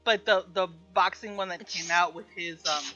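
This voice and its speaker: A woman's voice: on the low side, normal speed, muffled recording, faint music behind. A woman streaming a game and chatting casually, telling stories animatedly and acting out scenes. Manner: animated storyteller, acts out scenes with loud squeals. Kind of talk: casual gaming stream chat.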